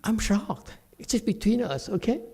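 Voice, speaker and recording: His voice is high-pitched and creaky at a normal speed as he delivers an animated, conversational Buddhist talk in a temple hall. Now and then he chuckles and turns to address his listeners.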